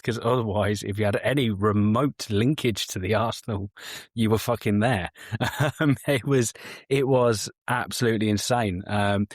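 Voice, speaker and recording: Rambling man, low voice, dry mic. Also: no echo. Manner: rambling, halting, with many fillers. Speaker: podcast guest. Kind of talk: casual chat.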